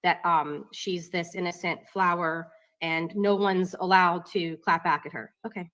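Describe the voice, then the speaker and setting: A woman's voice: lowish voice, fairly even intonation, measured pace, fairly bright tone. Sarcastic woman commentator. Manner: sarcastic, rebutting. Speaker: commentator on a panel. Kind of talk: commentary chat.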